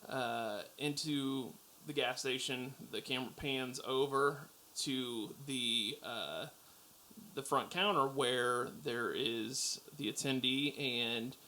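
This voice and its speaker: A man's voice: medium pitch, slow pace, pushed and bright, a little hiss or hum. A man co-hosting a podcast, telling loose anecdotes in casual chat and laughing often. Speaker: podcast co-host.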